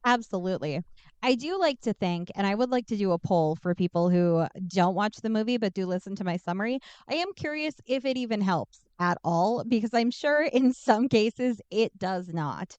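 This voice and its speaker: A woman co-hosting a podcast, giving a casual, irreverent, profane recap of a film and tossing off quick character voices. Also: medium pitch, animated, darkish tone, clean tone, no echo, highs cut off. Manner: irreverent, swears freely, acts out characters in quick asides. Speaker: podcast co-host summarizing a film. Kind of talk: casual comedic movie recap.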